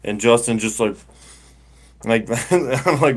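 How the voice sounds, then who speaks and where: A man's voice: mid-range voice, takes it slowly. A middle-aged man, hosting a casual livestream and telling a rambling story full of fillers and restarts. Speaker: livestream host.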